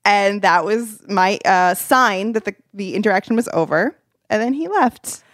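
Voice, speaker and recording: A woman's voice: mid-range voice, animated, normal speed, fairly bright tone, no room sound, studio quality. A woman co-hosting a casual dating podcast, telling stories with frequent laughs. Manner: laughing storyteller. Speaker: podcast co-host.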